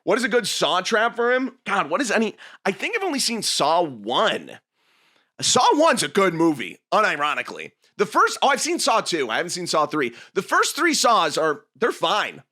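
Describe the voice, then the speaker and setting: A young man hosting a podcast, chatting casually and reading viewer messages, animated and full of restarts. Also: high voice, normal speed. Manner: animated, jumping between topics with laughs and restarts. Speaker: podcast host reading super chats. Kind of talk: casual livestream chat.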